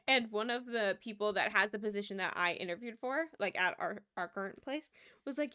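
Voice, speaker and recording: A woman's voice: fairly high pitch, fast talker, bright, forceful tone. A young adult woman streaming, chatting casually with a rambling storytelling manner, lots of fillers and easy laughter. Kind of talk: casual chat while gaming.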